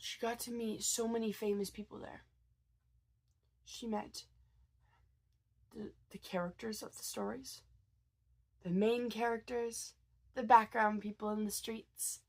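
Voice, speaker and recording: A woman's voice: on the high side, flat delivery, unhurried, pauses often. A woman vlogger who is sick and tired, chatting casually and telling a story with lots of hesitations. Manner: chatty, hesitant, many fillers and restarts.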